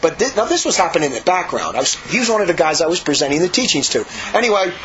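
A man with a high voice rushes through a rambling story, repeating himself and restarting sentences as he goes. He talks like a monk remembering life at his monastery. The recording is slightly muffled, with a faint hum behind him. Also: very animated, a bit bright. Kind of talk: casual storytelling.

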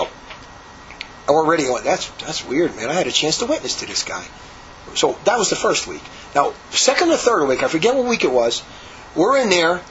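A man's voice: high-pitched, slight background noise. Rambling man telling stories on dull lo-fi audio. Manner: animated, rambling, acts out quotes. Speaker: religious brother telling his story. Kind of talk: conversational storytelling. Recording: dull lo-fi recording.

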